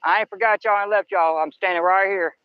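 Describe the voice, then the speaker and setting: Brisk and clear, a man's high, resonant voice holds a steady tone as he rambles folksily to viewers during a nighttime fishing livestream on a riverbank by the woods. A camera-mounted mic near the water captures lo-fi sound with no echo.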